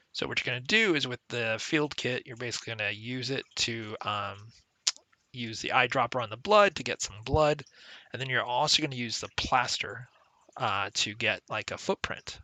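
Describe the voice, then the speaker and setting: Bright-voiced man narrating gameplay. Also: mid-range voice, vocal fry, no echo. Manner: conversational, explains game mechanics with occasional laughs. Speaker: let's play commentator. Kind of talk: casual gameplay commentary.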